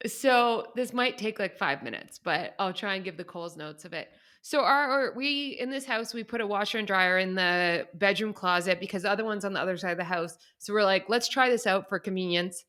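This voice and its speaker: Telling a story on the podcast she co-hosts, this young woman talks fairly quickly with hardly any pauses, her voice in the mid range. She's animated, often laughing and quoting others as the casual conversation goes on.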